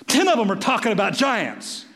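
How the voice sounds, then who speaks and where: Man, pastor, sermon, high voice, storytelling with voiced asides, long hall reverb. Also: huge pitch swings, moderate pace, fairly bright tone.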